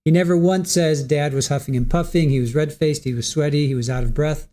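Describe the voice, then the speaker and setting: A man's voice: on the high side, steady tone, fairly quick, warm tone. A man hosting a livestream, reading viewer comments and musing through them in a casual, hesitant way, often repeating his words. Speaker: livestream host.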